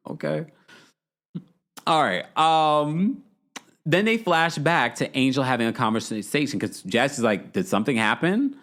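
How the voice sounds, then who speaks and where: A man hosting a casual reality TV recap, talking playfully and jumping his pitch up to mimic the people he quotes. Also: animated, unhurried, pauses often, a bit bright. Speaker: podcast host recapping reality TV. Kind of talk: casual chat.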